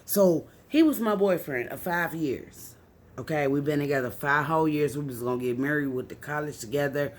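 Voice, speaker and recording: Young woman, emotional confessional vlog delivery, tipsy, swinging from hushed to loud and cursing. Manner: raw, profane, swings from low and subdued to loud and angry. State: tipsy from drinking. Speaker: vlogger. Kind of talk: emotional personal storytelling.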